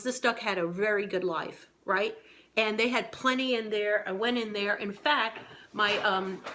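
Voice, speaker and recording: A woman vlogger telling a story to camera in a casual, animated, exasperated way. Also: mid-range voice.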